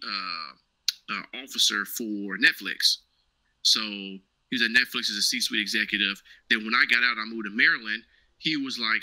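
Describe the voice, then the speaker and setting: A man's voice: on the low side, low-quality recording. A man guest on an interview show, telling casual, slangy stories and acting out the dialogue in them. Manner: animated, slangy, acts out quoted dialogue. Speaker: guest, former Marine now cloud engineer.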